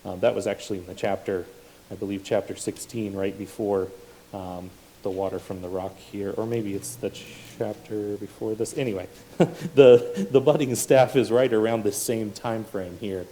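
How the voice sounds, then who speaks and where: A man's voice: on the low side, fairly even intonation, moderate pace, dark tone, slight background noise, rough recording. A man preaching a sermon, reading scripture and explaining it with casual asides and self-corrections.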